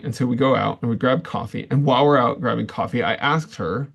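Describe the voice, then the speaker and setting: A man teaching a management workshop in a loose, conversational way. His voice sits in a middle pitch. He slips into quoted dialogue as he tells workplace stories, with plenty of fillers and restarts. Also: moderate pace, creaky, slightly rough. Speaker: management trainer. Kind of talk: live online workshop talk.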